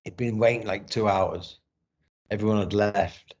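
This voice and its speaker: A man's voice: on the low side, fairly even intonation, unhurried, a little mellow. A middle-aged man telling a personal story in a casual interview, candid and emotional, swearing often. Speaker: podcast guest, former boxer and actor. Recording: dull lo-fi sound.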